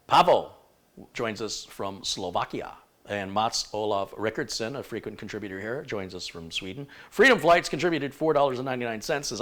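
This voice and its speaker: A man's voice: on the low side, animated, normal speed, fairly bright tone. A man hosting a casual livestream, joking and rambling as he reads out viewer greetings. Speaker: livestream host.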